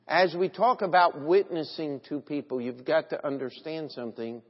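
A man's voice: a little high, normal speed. Preaching man in a reverberant church. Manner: earnest, rising to emphatic scripture reading. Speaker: pastor. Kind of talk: sermon. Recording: dull audio with long church reverb.

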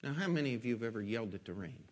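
A man's voice: medium pitch, big pitch swings, rapid-fire. A man pastor preaching a sermon in a folksy storytelling way, asking rhetorical questions, in a church. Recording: long echoing hall reverb.

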